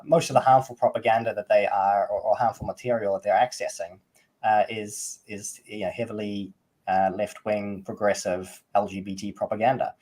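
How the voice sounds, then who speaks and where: A man's voice: lowish voice, flat delivery, moderate pace, a little mellow, husky. A man with a New Zealand accent co-hosting a political livestream, hesitant, with many fillers and restarts. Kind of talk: casual political talk show.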